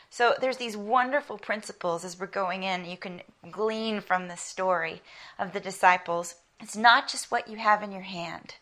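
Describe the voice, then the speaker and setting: A woman preaching a conversational sermon. She tells stories with animation, laughs lightly as she talks, and drops to a soft whisper for emphasis. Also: medium pitch, normal speed. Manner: laughs lightly while speaking. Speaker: women's Bible teacher.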